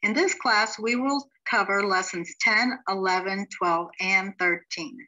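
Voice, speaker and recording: Slow, bright-voiced woman teaching syllables. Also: mid-range voice, muffled recording. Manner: sounds out words syllable by syllable. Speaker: Hebrew teacher. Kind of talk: slow classroom instruction.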